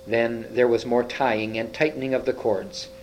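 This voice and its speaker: Guy reading a kids fantasy book out loud, mid pitch, kinda halting, faint hum behind. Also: flat delivery, low-quality recording. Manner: slow, halting reading with small slips and restarts. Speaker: reader.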